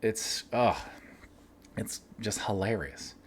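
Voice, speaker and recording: A man casually telling workplace stories, animated, laughing now and then and acting out the lines of others. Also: on the low side, slow pace, slight background noise. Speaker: winery cellar worker telling stories. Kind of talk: casual storytelling.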